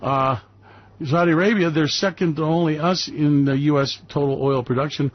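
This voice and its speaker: A man hosting a market commentary radio show, talking in a loud, brash, sarcastic way and mocking people with put-on voices. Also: on the high side, steady tone, normal speed. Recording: dry, slightly dull lo-fi recording.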